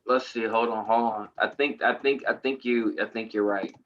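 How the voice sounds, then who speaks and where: A man's voice: on the low side, steady tone, normal speed. A man with a Boston accent co-hosting an online news talk show, easygoing and thinking aloud. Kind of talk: casual chat. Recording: dull lo-fi audio.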